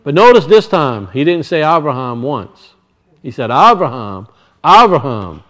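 A man's voice: on the high side, big pitch swings. A male preacher reading scripture and explaining it, often restarting his sentences. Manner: reads scripture slowly, then explains it with frequent restarts.

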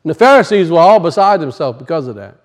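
A male pastor preaching a conversational sermon, acting out little voices and dropping low for asides. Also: sing-song, fast.

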